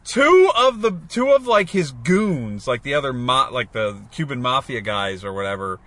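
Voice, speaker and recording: A man's voice: mid-range voice, very animated, moderate pace, pushed and bright, dry recording. A man in casual chat, rambling about old movies and acting out lines.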